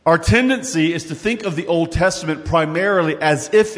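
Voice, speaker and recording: A man preaching a sermon in an animated, conversational way, with quick asides and repeated words as he works through scripture. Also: fairly high pitch, long reverb tail. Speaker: pastor.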